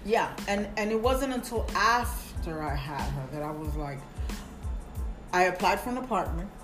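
A woman in her forties, a podcast guest, telling a personal story in casual talk, lively and acting out the voices of others. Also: fairly low pitch, moderate pace. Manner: animated, acts out quoted voices, laughs often. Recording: music playing underneath.

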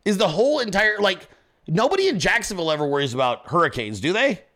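A man's voice: sits high, sing-song, fast talker, a bit bright. A man hosting a political commentary show, blunt and crude, ranting at his audience in casual speech. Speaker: show host.

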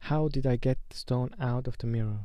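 A man's voice: medium pitch, a little fast, dark tone, dry recording, close to an everyday voice. A man voicing an earnest young boy wizard who asks and pleads.

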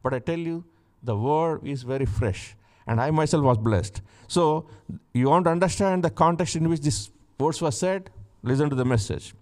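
A male pastor whose voice sits a little higher than most men's. He tells the scripture story with vivid acted dialogue and repeats his key phrases for emphasis, then leads the congregation in prayer. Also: moderate pace, a little mellow.

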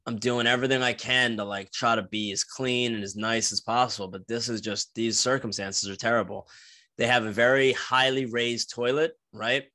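A man's voice: mid-range voice, steady tone, normal speed, bright, forceful tone, no echo. A young man from New Jersey hosting a podcast, telling a rambling, crude story with lots of swearing and restarts. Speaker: podcast host. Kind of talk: casual storytelling monologue.

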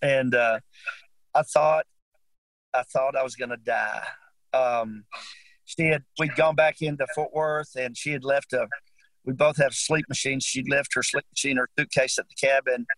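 A man's voice: mid-range voice, fairly even intonation, normal speed, fairly bright tone, dry recording, rough recording. An older man tells a personal story in an interview, talking earnestly and repeating himself when moved. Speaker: guest.

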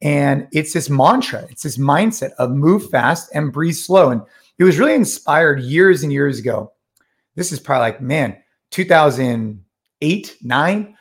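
A middle-aged man hosts a short solo podcast in a slightly high voice at a measured pace. His talk is casual, energetic, and conversational, and he often retells conversations by quoting the voices involved.

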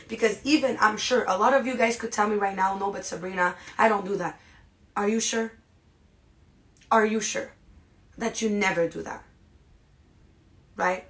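A woman hosting a podcast, giving a motivational monologue straight to her listeners, dramatic and animated, with many rhetorical questions. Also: medium pitch. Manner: animated and dramatic, acts out inner voices. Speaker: podcast host.

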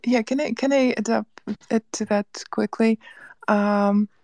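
A woman's voice: on the high side, steady tone, unhurried, a little mellow, no room sound. A woman from central Ukraine, a Russian speaker, talking casually in an online discussion with thoughtful, laughing asides. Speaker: panel guest.

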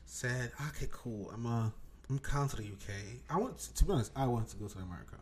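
A man's voice: lowish voice, fast, darkish tone, a little hiss or hum. A young man hosting a solo podcast, talking in a loose, joking way and swearing freely. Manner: loose, joking, swears, laughs into his words. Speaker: podcast host. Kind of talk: casual solo podcast talk.

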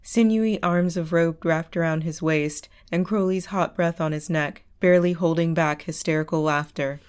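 A woman narrates a story in a measured audiobook reading. Her voice is smooth and resonant and sits a little low. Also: fairly even intonation, darkish tone.

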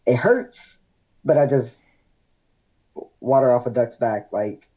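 Chatty man with a mellow voice. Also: medium pitch, slow pace, rough recording. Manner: rambling, filler-heavy, animated retelling. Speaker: guest. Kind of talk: casual storytelling chat.

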